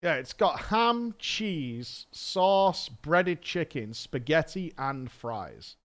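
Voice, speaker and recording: A man's voice: a little high, big pitch swings, very slow, a bit bright. A man in his thirties, a streamer rambling in casual chat, reading out a menu with frank asides and the odd swear. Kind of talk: casual chat while gaming.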